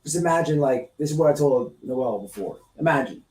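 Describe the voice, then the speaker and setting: A man hosting a casual live stream, talking in an animated, repetitive way and acting out scenes as he speaks. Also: a little high, a little fast, recorded from a distance, slight background noise. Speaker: livestream host. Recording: roomy, off-mic sound.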